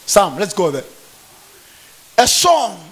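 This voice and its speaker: A man's voice: high-pitched, huge pitch swings, takes it slowly, a bit bright. A man preaching a fervent conference sermon, throwing call-and-response questions to the congregation. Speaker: pastor. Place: church conference.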